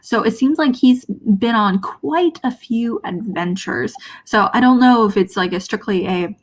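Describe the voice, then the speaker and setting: A woman co-hosting a movie show in casual chat, hesitant and halting, often restarting her sentences as she searches for words. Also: a little high. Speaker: co-host of a movie discussion show.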